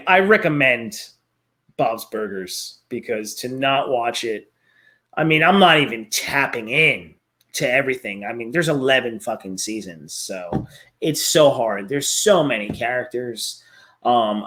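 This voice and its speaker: A man's voice: mid-range voice, a bit bright. Laid-back rambling male vlogger. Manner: rambling, laughs often and swears freely. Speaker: vlogger reviewing a cartoon series. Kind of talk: casual chat.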